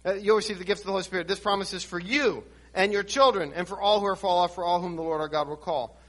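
Male preacher, high and bright, teaching sermon, emphatic, restarts often. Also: fast. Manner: reads and explains scripture verse by verse.

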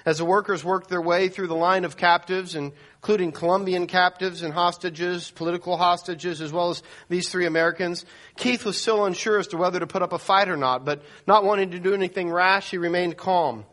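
A man's voice: fairly even intonation, fairly quick, a bit bright. A male pastor preaching a sermon, telling a dramatic story and acting out the quoted people. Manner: storytelling, voices quoted people with rising pitch.

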